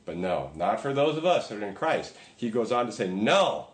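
A man's voice: fairly low pitch, very animated, brisk, reverberant. A man preaching a sermon in a conversational way, with emphatic repetition. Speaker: pastor.

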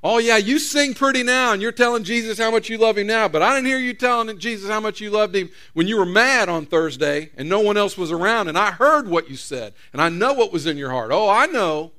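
A preacher voicing a taunting, sneering devil. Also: male voice, a little high, lively intonation, moderate pace, few pauses, fairly bright tone. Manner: taunting, mocking whisper in the ear. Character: sneering accusing devil, male.

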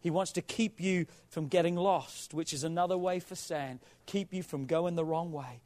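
A man with a high voice preaching a fervent sermon as a pastor. He presses his listeners hard, swinging from near shouts to soft, hushed stretches. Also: steady tone, normal speed. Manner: urging, rising to near shouts then dropping to a hushed whisper.

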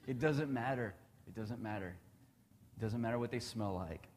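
A man's voice: medium pitch, normal speed, a little mellow, big-room sound. A man in his thirties giving a casual devotional talk, chatty and laughing often.

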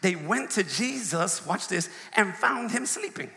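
A pastor preaching a sermon, swinging from quiet asides to shouted peaks, recorded in a church. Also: male voice, high-pitched, expressive, measured pace, vocal fry. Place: church sanctuary. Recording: long reverb of a large hall.

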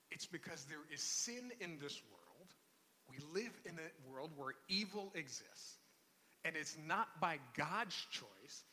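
A man preaches to his congregation with a very bright, forceful voice that sits a bit high for a man. His delivery is conversational and full of restarts. A long hall reverb and faint room ambience surround him. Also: slight background noise. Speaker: pastor. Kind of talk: sermon.

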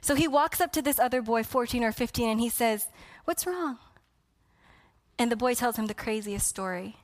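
Woman preacher, fairly high voice, impassioned sermon, hushed then loud. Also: fairly quick.

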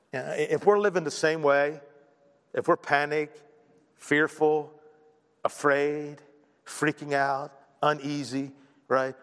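Middle-aged guy pastor preaching, chatty and lively, lotsa "right?", kinda high voice, echoey church hall. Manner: conversational, animated, acts out quoted voices, repeats "right?". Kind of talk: sermon.

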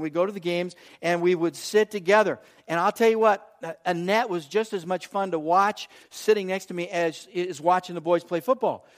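A man in his fifties delivers a sermon in a notably high voice. He tells personal stories with animated repetition and acts out the lines of others. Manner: animated storyteller, repeats phrases, acts out quotes. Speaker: pastor.

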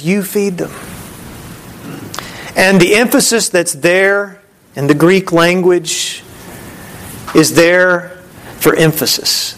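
Pastor guy giving a sermon, fairly high voice, chatty, acts out the disciples. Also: fairly bright tone. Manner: conversational preaching, voices the disciples' lines.

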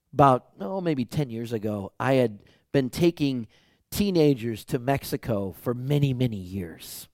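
A man's voice: mid-range voice, dry recording, clean studio sound. A male pastor preaching a sermon, telling stories animatedly with a voice that climbs when he gets worked up.

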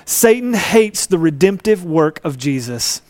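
A man's voice: high-pitched, big pitch swings, a little slow, darkish tone, dry recording. A man preaching a sermon, earnest and storytelling, acting out voices in a Bible story. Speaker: pastor.

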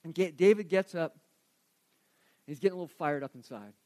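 A man preaching a sermon, retelling scripture in an animated, conversational way. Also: a little high, normal speed, no echo. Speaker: pastor.

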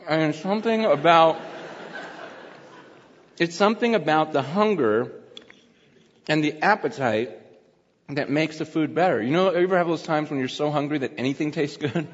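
A middle-aged man preaching a casual sermon over a meal, chatty and laughing, at times talking with his mouth full. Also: fairly high pitch. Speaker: pastor. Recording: dull sound with long hall reverb.

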